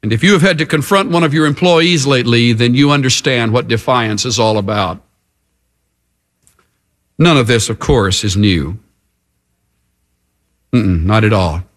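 A man preaching a sermon as a pastor, emphatic and with dramatic pauses. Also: medium pitch, fairly bright tone.

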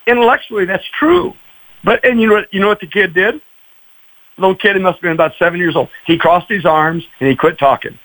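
Casual: high voiced pastor guy telling stories, really animated, dry mic. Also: brisk, no room sound, poor audio. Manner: expressive, acts out voices, repeats "man" and "you know". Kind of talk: animated storytelling in a radio interview.

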